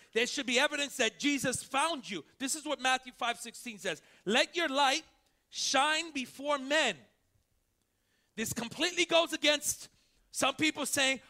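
A male pastor preaching a sermon with a very high, bright, forceful voice. He tells stories with quick back-and-forth dialogue, then swings from quiet asides to loud preaching.

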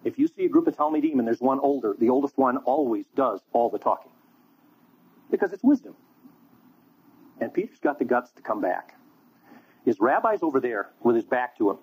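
A man preaching a sermon, telling a story in an animated, conversational way. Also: mid-range voice, a little fast, breathy edge. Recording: tinny phone-like line.

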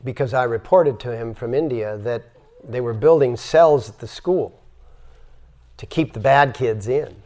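A man's voice: medium pitch, measured pace, dark tone. An older man giving a spiritual yoga lecture, demonstrating breath sounds and telling stories with emphasis. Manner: demonstrative, exhales sighing sounds to teach breathing. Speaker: yoga teacher.

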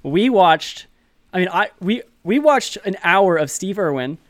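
A man with a fairly high voice co-hosting a podcast, chatting casually and pausing on fillers. The sound is dry and close, with no room echo. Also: expressive. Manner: chatty, hesitant with many fillers. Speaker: podcast co-host.

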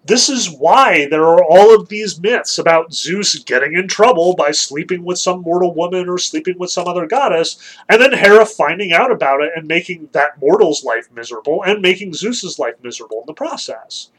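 Male lecturer, high voice, conversational and emphatic with wry asides. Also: lively intonation, normal speed, few pauses, fairly bright tone, poor audio. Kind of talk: casual lecture on a classic text.

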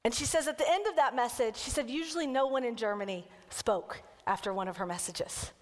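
A woman kids' pastor telling a story in a sermon and then leading the congregation through a slow, earnest breathing prayer. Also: a little high. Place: church sanctuary. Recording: church hall with long reverb.

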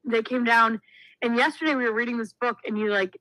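A woman in her twenties, co-hosting a casual chat podcast and telling stories in an animated way, acting out the quotes. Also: a little high, fairly quick, no echo, rough recording. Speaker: podcast co-host.

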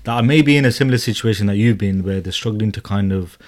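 A man hosting a casual podcast, asking questions in a relaxed, slangy way. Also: on the low side, fast. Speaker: podcast host.

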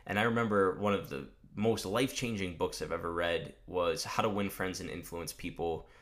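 A man hosting a podcast, giving a loose, energetic motivational monologue and swearing casually. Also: low voice, moderate pace. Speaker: podcast host.

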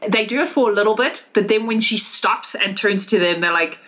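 A woman narrating a tabletop game as game master, animated and playful. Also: medium pitch, brisk.

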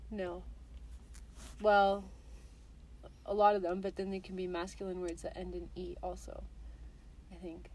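A woman's voice: lowish voice, completely flat delivery, unhurried, pauses often, a little mellow, a little hiss or hum. A woman who grew up French-speaking, co-hosting a casual chat and patiently correcting her partner's pronunciation. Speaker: co-host. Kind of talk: casual language-swap chat.

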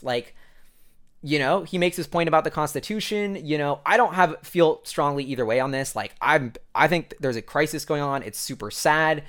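A man giving a casual, rambling commentary recap as a vlogger, excitable and full of fillers. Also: a little high, fairly quick.

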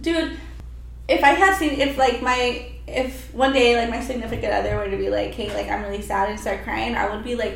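A woman's voice: a little high, a little fast, creaky. A woman with a Hispanic family background, co-hosting a casual podcast chat, swearing freely and laughing as she tells her stories. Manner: profane, laughing, animated storytelling. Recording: echoey room with faint ambient noise.

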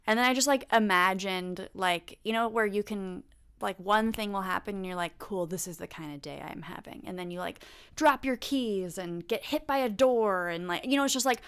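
A woman's voice: medium pitch, moderate pace, fairly bright tone, smooth. A young woman co-hosting a spiritual podcast, chatting casually with lots of fillers and the odd swear word. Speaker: podcast co-host. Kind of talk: casual chat.

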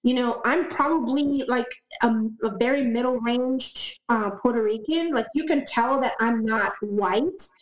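A woman's voice: fairly high pitch, a little slow, hardly any pauses, roomy sound, rough recording. A woman talking as a podcast guest in a casual conversation, emphatic and repeating words for stress.

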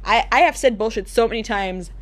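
High-pitched woman on a profane rant. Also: fairly quick, slight background noise. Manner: profane, exasperated, sarcastic. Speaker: vlogger. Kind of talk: comedic rant.

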